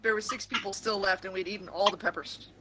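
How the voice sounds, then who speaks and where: Speaking fast in a high voice with fairly even intonation, a man rambles through a story while casually chatting with friends on a group video call. He restarts often and uses "like" a lot, with a noisy background and audio from his computer mic that at times glitches robotically.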